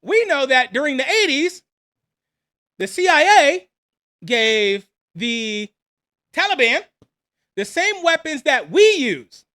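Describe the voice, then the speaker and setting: A man in his forties, an army veteran, telling a personal war story in a casual, animated way, acting out the dialogue and laughing between lines. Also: very high voice, takes it slowly, pauses often.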